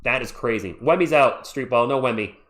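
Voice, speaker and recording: A man hosting a live play-by-play stream, calling the action and chatting with viewers in an excitable, jokey way. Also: mid-range voice, fairly quick. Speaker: livestream play-by-play host. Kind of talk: live play-by-play with chat reactions.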